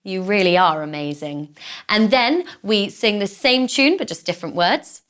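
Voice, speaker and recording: A woman's voice: medium pitch, lively intonation, moderate pace, a bit bright, clear, resonant tone. A woman leading a children's singing lesson, explaining with playful images and praising often. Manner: encouraging, full of praise.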